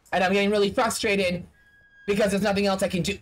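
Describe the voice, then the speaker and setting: A man's voice: high-pitched, flat delivery, quick pace. A man giving casual let's-play commentary, blunt and talking straight to the game characters. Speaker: gaming streamer.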